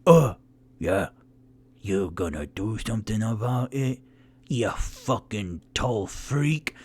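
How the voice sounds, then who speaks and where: Man doing a grumpy shouting dwarf. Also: on the low side, animated, slow pace, pitched below the performer's own voice, heavily acted. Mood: sneering. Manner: shouting, gruff and insulting. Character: grumpy belligerent male dwarf bar patron.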